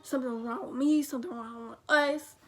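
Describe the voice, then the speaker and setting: High-voiced young woman telling a rambling story. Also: fairly even intonation, fairly quick, fairly bright tone. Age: teens. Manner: rambling, slangy, frequent "like" and quoted dialogue. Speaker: vlogger. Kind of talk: storytime, casual retelling.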